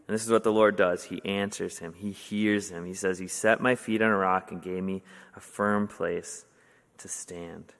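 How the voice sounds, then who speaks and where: Casual young male preacher in reverberant hall. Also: lowish voice. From Wisconsin, US. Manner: casual, conversational with many fillers, animated when telling stories. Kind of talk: sermon.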